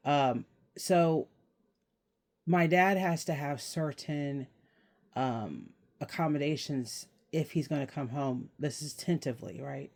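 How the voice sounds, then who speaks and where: A young man talking casually to his viewers as the channel host, rambling and laughing as he explains things. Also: on the high side. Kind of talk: casual vlog chat.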